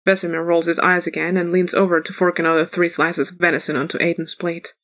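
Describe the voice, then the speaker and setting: A woman reading a fan story aloud as a narrator, in an even storytelling manner. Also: fairly low pitch, fast talker.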